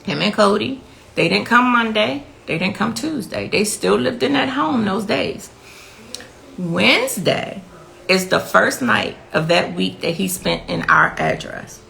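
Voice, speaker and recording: A woman's voice: medium pitch, animated, unhurried, vocal fry, fairly bright tone, slight background noise, low-quality recording. A woman, a grieving mother, giving a blunt and impassioned interview account, repeating herself for emphasis. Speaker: victim's mother telling her story.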